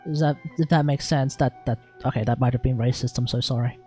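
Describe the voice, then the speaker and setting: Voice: medium pitch, steady tone, fairly quick, darkish tone, soft background music. A young adult with an Australian accent, chatting casually on a game live stream, rambling, swearing freely and restarting sentences.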